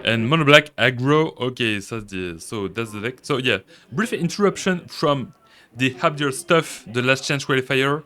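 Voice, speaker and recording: A man with a French accent, a native French speaker, giving casual, relaxed commentary on a card-game match and thinking aloud as he goes. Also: mid-range voice, moderate pace, few pauses.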